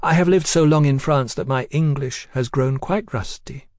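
A man's voice: normal speed, darkish tone, no echo, clean studio sound, close to an everyday voice. A man voicing a flighty, forward Englishwoman living abroad, coaxing and pleading. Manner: coaxing, pleading, high-strung.

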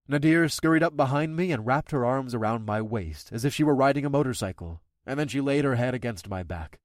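Male audiobook narrator, mid-range, steady first-person read, dry close mic. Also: mid-range voice, no room sound. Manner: steady storytelling.

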